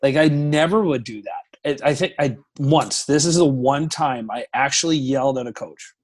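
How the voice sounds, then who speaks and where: A man in his thirties, a hockey goaltender, telling stories as a podcast guest in an animated, profane, rambling way. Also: medium pitch, moderate pace. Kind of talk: casual podcast storytelling.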